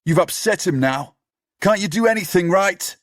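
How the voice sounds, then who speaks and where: A man's voice: medium pitch, normal speed, darkish tone, voice pushed up, close to an everyday voice. A man voicing a young boy, the narrator as a child, talking sharply to another boy. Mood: earnest, scornful.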